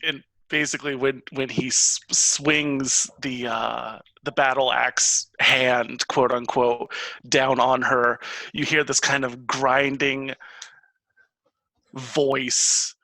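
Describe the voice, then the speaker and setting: A man's voice: medium pitch, little pitch movement, takes it slowly, sharp tone, no room sound, low-quality recording. A man playing in an online tabletop game, asking about rules and describing his character's actions. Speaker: player. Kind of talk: tabletop game play over a call. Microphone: online voice call.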